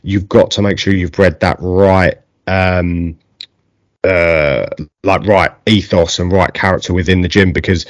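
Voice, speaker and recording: A man with an Essex accent hosting a casual interview, chatty and relaxed with plenty of fillers. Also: deep voice, unhurried, dry recording. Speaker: podcast host.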